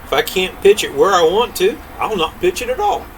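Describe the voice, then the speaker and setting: A man's voice: sits high, expressive, a little fast, recorded from a distance, slight background noise, pitched above the performer's own voice, poor audio. An older grandfather reading aloud, voicing a cocky, sly young man in a folksy drawl. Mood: boastful. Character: clever young male trickster, cocky and sly.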